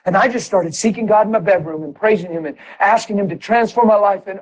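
A man preaching his own conversion testimony in a sermon, moving from hushed, earnest talk to excited shouts. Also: high-pitched, quick pace, hardly any pauses, lo-fi sound.

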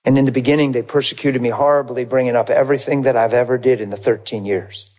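A man's voice: medium pitch, steady tone, fast, darkish tone. A man preaching as a pastor, telling a personal story and acting out both sides of the conversation. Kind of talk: sermon testimony storytelling.

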